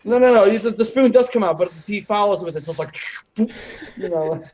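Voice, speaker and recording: A man's voice: sits high, expressive, fairly quick, darkish tone. An American man on a gaming podcast, chatting loosely with lots of fillers and swearing. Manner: loose, profane, rambling with many fillers. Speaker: podcast guest. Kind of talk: casual chat.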